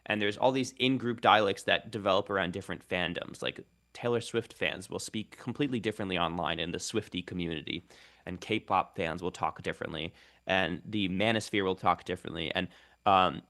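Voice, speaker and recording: A young man with a fairly low voice talks as a radio guest. He explains ideas in long, fluent runs and restarts a phrase now and then. He sounds like a linguist who also makes online videos. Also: vocal fry, fairly bright tone. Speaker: guest linguist and content creator. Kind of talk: radio interview.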